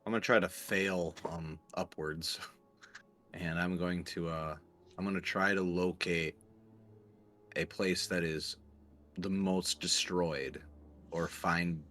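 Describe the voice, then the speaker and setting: A man with a very low voice talks through his character's moves in a tabletop game. He hesitates and restarts often, laughing a little at himself. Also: steady tone, slow pace, long pauses, a bit bright. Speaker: player. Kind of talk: casual tabletop play.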